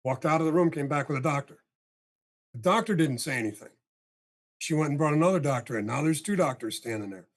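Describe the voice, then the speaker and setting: An older man, a podcast guest, telling a long story in casual talk and acting out the dialogue with a husky voice. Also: a little high, quick pace. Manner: animated storyteller, acts out dialogue, swears casually.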